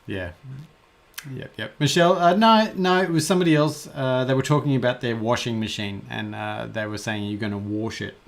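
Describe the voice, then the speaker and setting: A man co-hosting a casual podcast. He talks haltingly, with many "uh"s and restarts. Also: mid-range voice, expressive, vocal fry. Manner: hesitant, stammering restarts. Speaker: co-host.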